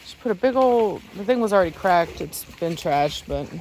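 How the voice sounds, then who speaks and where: A woman chats casually to the camera while standing outdoors among her dogs. She breaks off often to bark sharp, loud commands at them. Faint outdoor noise sits under her voice. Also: on the low side, animated, moderate pace. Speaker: dog breeder and vlogger. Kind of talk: casual vlog narration. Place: outdoors in a rural yard with dogs.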